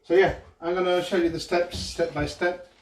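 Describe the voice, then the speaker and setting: This middle-aged cooking show host from northwest Spain has a voice that sits high, with a level tone and normal speed. Demonstrating home cooking casually in his kitchen, he rambles and chats, leaning on fillers and tag questions. Echo and cooking noise fill the recording.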